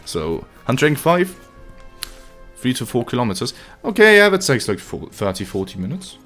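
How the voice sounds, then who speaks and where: A man's voice: medium pitch, huge pitch swings, moderate pace, a bit bright, faint music behind. A young man live-streaming a game, chatting casually with viewers, joking, swearing and laughing often.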